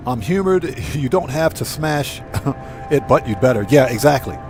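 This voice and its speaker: A man's voice: mid-range voice, lively intonation, slow, music in the background. A man streaming a game live, telling dad jokes, laughing at his own punchlines and reading chat messages aloud.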